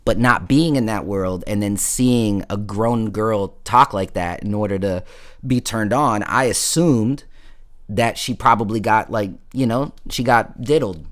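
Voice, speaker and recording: A man's voice: fairly low pitch, unhurried. A man hosting a casual late-night stream, telling a story in a slangy, rambling way, full of fillers and asides. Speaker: livestream host.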